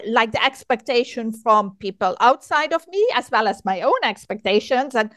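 An older woman hosting an interview, speaking haltingly and searching for words with many pauses on a close microphone. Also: fairly high pitch, animated, a bit bright, dry recording. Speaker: podcast host. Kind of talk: conversational interview.

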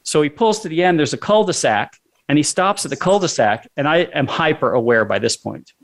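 A man's voice: fairly high pitch, expressive, fairly quick. Man telling a story, acting out dialogue. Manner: conversational storyteller who acts out his own dialogue.

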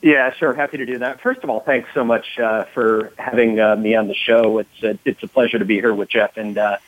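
Give me a halting man guest on a radio interview, low-voiced, over a tinny phone line. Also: steady tone, no echo. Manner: halting, many uhs.

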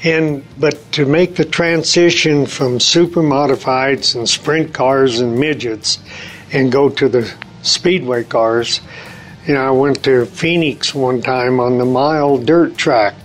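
A man's voice: mid-range voice, slow, a little hiss or hum, low-quality recording. Older man telling rambling anecdotes. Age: 70s. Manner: rambling anecdotes, acts out quoted dialogue, frequent restarts. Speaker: retired race car driver, interview guest. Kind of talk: conversational storytelling interview.

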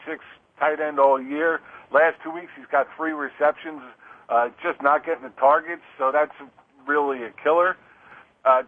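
Man on a tinny phone line. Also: on the high side. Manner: hesitant restarts, lots of "you know". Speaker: guest analyst. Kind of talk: fantasy football analysis.

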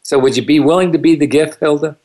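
A man's voice: fairly high pitch, fast, mellow. A man hosting a call-in talk show who speaks familiarly to the caller. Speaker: host.

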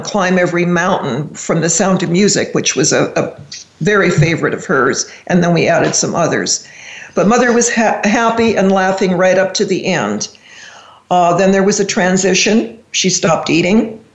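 An older woman speaks as a guest, recalling a family memory in a halting, deeply felt way. Her voice carries a roomy echo. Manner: reflective, halting, deeply emotional. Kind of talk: personal storytelling on a radio show.

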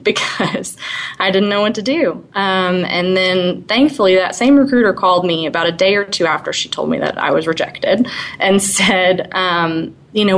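Young woman in her 20s, kinda low voice, chatty, laughs a lot while telling her story. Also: normal speed, a bit bright, low-quality recording. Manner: chatty, laughs often, many fillers. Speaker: guest. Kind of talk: casual storytelling interview.

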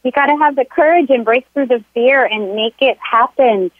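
A high-voiced woman guest tells a story in an earnest, motivational manner. She comes through a tinny, dry phone line. Her pitch sits well above most women's. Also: normal speed, no echo. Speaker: guest, health coach. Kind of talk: interview storytelling.

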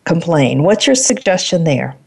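A woman's voice: on the low side, very animated, normal speed, gravelly, darkish tone, breathy edge. A woman hosting an interview, affirming and summing up her guest's points. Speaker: interview host.

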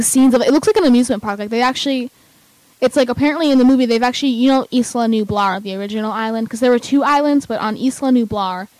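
A young woman chatting casually as a vlogger, excitable and rambling with lots of fillers. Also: on the high side, dry recording, poor audio. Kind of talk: casual chat.

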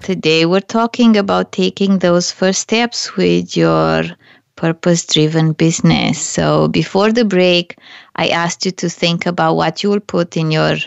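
Slow, gravelly woman coaching earnestly. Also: fairly low pitch, fairly even intonation, no echo, highs cut off. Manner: earnest, anecdotal, with hesitant restarts. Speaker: business coach and show host. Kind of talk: solo advice talk to camera.

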